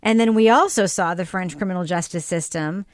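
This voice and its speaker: Reviewing a TV series on a podcast she co-hosts, a woman with a fairly low voice talks fairly quickly in a casual way. She muses out loud, asks questions, and leans heavily on "like." The studio sound is clean with no echo.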